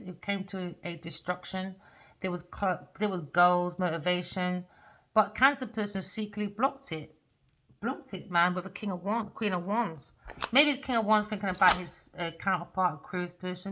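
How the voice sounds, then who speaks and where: Speaking in a mid-range voice that comes out pushed and bright, a tarot reader rambles through a reading while ranting. She's blunt and profane, and the lo-fi recording sounds dull.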